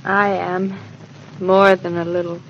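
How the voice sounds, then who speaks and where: An actress in 1940s radio acting, playing an earnest, affectionate young newlywed wife with a breathless, wide-eyed manner. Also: female voice, on the low side, level tone, slow pace, a little hiss or hum. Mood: tender. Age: young adult. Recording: dull old radio transcription.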